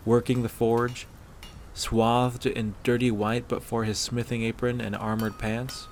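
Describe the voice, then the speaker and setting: A man narrating a fan-fiction story aloud in a steady, measured way. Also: lowish voice, slight background noise.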